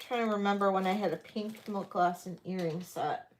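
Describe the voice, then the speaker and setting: A woman's voice: mid-range voice, moderate pace, a little hiss or hum. A middle-aged woman hosting a live-streamed vintage jewelry sale, chatty and thinking aloud with many ums.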